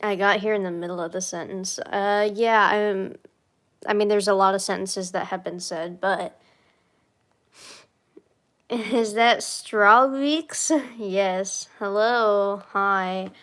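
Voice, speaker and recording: A young woman streamer chatting casually and rambling, self-deprecating, swinging from tired sighs to excited squeals. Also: mid-range voice, measured pace, clear, resonant tone. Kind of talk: casual rambling livestream chat.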